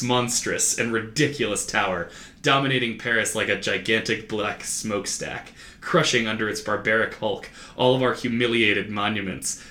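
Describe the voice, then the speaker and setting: Bright-voiced man reading notes in an echoey room. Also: fairly low pitch. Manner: reads quotes aloud, laughs easily. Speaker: podcast co-host. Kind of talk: casual chat reading researched notes. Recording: roomy echo, faint background ambience.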